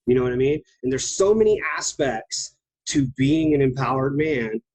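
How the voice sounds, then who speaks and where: Heartfelt, halting male group member. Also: mid-range voice, animated, darkish tone, low-quality recording. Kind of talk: casual sharing on a group call.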